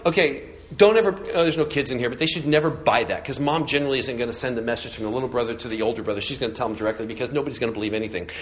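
A middle-aged man preaching a sermon, moving between slow, emphatic lines and quick asides, and acting out characters in hushed voices. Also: medium pitch, slight background noise, low-quality recording. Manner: acts out voices of the brothers in hushed tones. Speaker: pastor.

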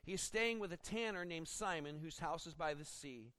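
Male pastor, higher voice, expository sermon with acted asides. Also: normal speed. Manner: expository preaching with acted-out quotes; animated, rising when dramatizing.

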